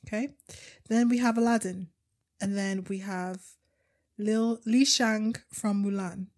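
A woman's voice: mid-range voice, fairly even intonation, a little slow, a little mellow. A young woman co-hosting a podcast, chatting casually and laughing easily. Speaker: podcast co-host. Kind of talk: casual chat.

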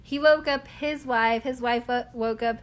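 A young woman spins a rambling everyday story for her viewers. She is chatty and animated, laughing often, and her voice sits a little on the high side. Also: unhurried. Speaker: vlogger. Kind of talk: casual storytelling to camera.

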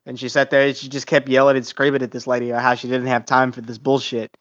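A man's voice: medium pitch, completely flat delivery, fast talker, fairly bright tone, lo-fi sound. A man, a podcast guest talking casually and rambling, with lots of swearing and restarts.

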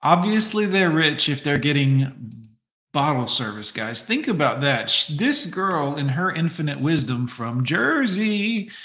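A man's voice: fairly high pitch, big pitch swings, unhurried, fairly bright tone, reverberant. Sarcastic man riffing on a stream. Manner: mocking, sarcastic, addresses chat. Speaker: streamer reacting to a dating video. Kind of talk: sarcastic live-stream commentary.

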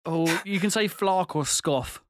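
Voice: medium pitch, measured pace, background noise. Playful giggly podcast host. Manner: playful, giggly, asks questions. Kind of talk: casual chat.

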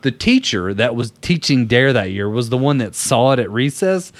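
A young man co-hosting a podcast, telling a story in a relaxed, profane way, laughing as he goes. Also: mid-range voice, moderate pace, dry recording. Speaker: podcast co-host. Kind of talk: casual storytelling chat.

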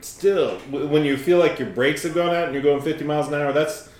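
A man's voice: fairly high pitch, fairly quick, echoey room, noisy background. A man in his forties, a podcast co-host telling a story in casual chat, swearing freely and repeating himself. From Appalachia, western North Carolina.

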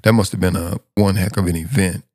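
A man's voice: low voice, fairly even intonation, fairly quick, a little mellow, dry recording, studio quality. A man hosting a podcast, introducing and questioning a guest in a rambling way, often repeating and restarting his words. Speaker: podcast host. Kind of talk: casual podcast interview.

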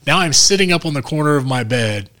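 A man's voice: on the high side, quick pace. A man co-hosting a podcast, telling a funny story in casual, profane chat and acting out the people in it. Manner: animated, profane, acts out quoted voices. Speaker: podcast co-host.

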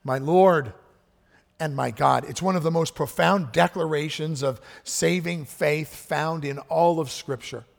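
Pastor guy preaching, slightly high husky voice, hushed then emphatic, long church echo. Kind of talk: sermon. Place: church sanctuary. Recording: echoey church hall with long reverb.

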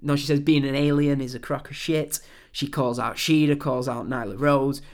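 A young man from England, mid-range in voice and speaking at normal speed with fairly even intonation, hosts a wrestling podcast. He casually reviews a show, drifting along chattily and saying um a lot.

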